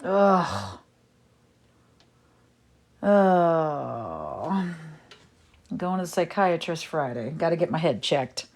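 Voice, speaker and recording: Chatty woman with lively pitch. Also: extremely slow, long pauses. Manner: chatty, rambling, exasperated. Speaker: livestream host. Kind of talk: casual livestream chat.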